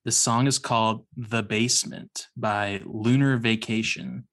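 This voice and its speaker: A man's voice: on the low side, steady tone, unhurried, fairly bright tone. A young man co-hosting a podcast, riffing playfully in casual chat. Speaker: podcast co-host.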